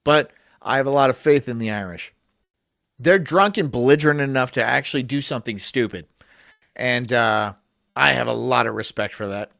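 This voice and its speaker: A man's voice: mid-range voice, moderate pace, gravelly, a bit bright, dry recording, clean studio sound. A man hosting a live stream, rambling crudely, swearing and reading chat aloud while drinking shots.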